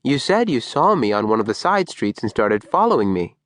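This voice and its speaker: A man's voice: mid-range voice, big pitch swings, moderate pace, fairly bright tone, dry recording. A man reading the part of a persistent wife who questions her husband about an old memory. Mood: insistent. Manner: insistent questioning.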